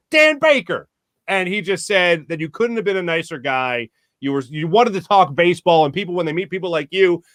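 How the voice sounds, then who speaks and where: Excitable male sports talk host. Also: high voice, no room sound, studio quality. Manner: excited, gushing, animated storytelling. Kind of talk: enthusiastic interview chat.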